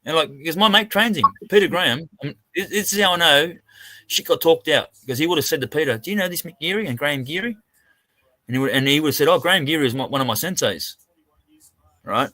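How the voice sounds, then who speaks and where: A man's voice: on the high side, lively intonation, fast talker, sharp tone, dry recording. An Australian man swearing freely as he tells a rambling story in a casual live-stream chat over a video call. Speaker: co-host.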